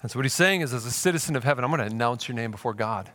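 A man preaching a sermon as pastor, emphatic and urgent, dropping to a quiet intensity and acting out quoted voices. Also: medium pitch, expressive, racing. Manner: acts out quoted voices, checks in with "okay" and "right".

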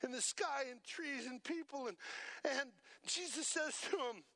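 A man preaching a sermon as pastor, animated and asking the congregation to repeat lines after him. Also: very high voice, unhurried, creaky, dry recording.

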